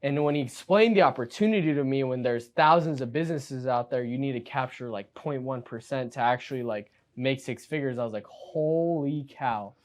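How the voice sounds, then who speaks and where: Energetic young man telling a story. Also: medium pitch, brisk, hardly any pauses. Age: 20s. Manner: energetic, excitable storyteller with frequent "like". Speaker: guest, new insurance agent. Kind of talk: casual podcast interview.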